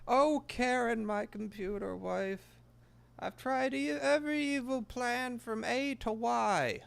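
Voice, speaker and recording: A man's voice: extremely high pitch, takes it slowly, vocal fry, a bit bright, clear, resonant tone, pitched above the performer's own voice, heavily acted. A man putting on the voice of a tiny, scheming male cartoon villain, whiny and theatrical.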